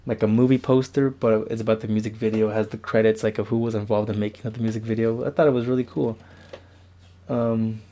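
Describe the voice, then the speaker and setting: A man's voice: mid-range voice, dark tone. A young man casually rambling through a tour of his bedroom walls, loose and self-mocking, recorded on a camera mic. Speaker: vlogger. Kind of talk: casual room-tour vlog. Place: bedroom at home.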